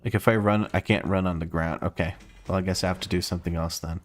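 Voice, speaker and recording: Guy from croatia w/ an american accent, chill game stream chatter, kinda low voice. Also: steady tone, fast talker. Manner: easygoing, explains as he plays. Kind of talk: casual gameplay commentary.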